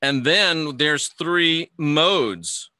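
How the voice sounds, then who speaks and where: A man's voice: on the high side, drawn-out words, sharp tone, dry recording, studio quality. A man hosting a casual livestream lesson, chatting with viewers and stumbling over his words. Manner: chatty, reads viewer comments aloud, stumbles and restarts. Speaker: livestream host teaching astrology.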